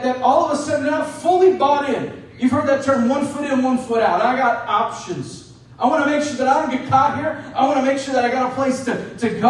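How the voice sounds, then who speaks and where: A male pastor preaching a sermon, telling a story in a conversational way and often asking "right?". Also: very high voice. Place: church sanctuary. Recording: roomy church hall, mic at a distance.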